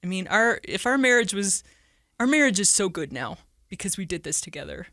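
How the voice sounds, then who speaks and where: Animated woman telling her story. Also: fairly quick, no echo, clean studio sound. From southern Utah. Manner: animated, acts out quoted speech with big pitch jumps. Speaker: podcast guest. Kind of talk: candid storytelling.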